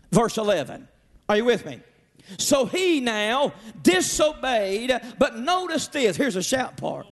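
A male pastor with a very high voice delivers a sermon at an unhurried pace. He is emphatic, often breaks into shouts, and calls out to the congregation.

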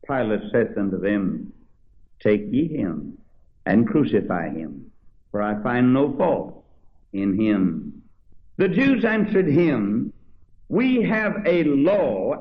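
A male preacher with a lively, swooping delivery reads the old King James verses with dramatic weight. He then drops into plain, conversational commentary. The recording sounds dull and lo-fi. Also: mid-range voice. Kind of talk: sermon reading scripture aloud with commentary.

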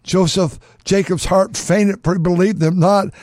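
A man's voice: high voice, steady tone, a little slow, darkish tone, no room sound, studio quality. A man preaching a sermon, reading scripture aloud and breaking off into fervent commentary, repeating words for emphasis.

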